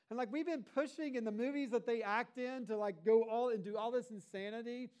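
High-voiced man preaching a sermon. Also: a little fast, few pauses, darkish tone, clean tone. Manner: conversational preaching with rhetorical asides. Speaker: pastor.

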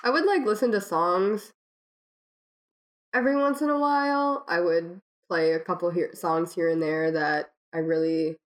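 A young woman from Minnesota as a guest, telling animated anecdotes with lots of "like" and "you know". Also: fairly low pitch, normal speed. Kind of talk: casual storytelling chat.

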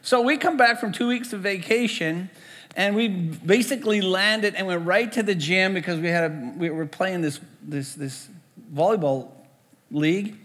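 A man's voice: high voice, normal speed, fairly bright tone. A man, a pastor preaching a storytelling sermon in a conversational way, often repeating words as he goes. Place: church sanctuary. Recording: echoey church hall.

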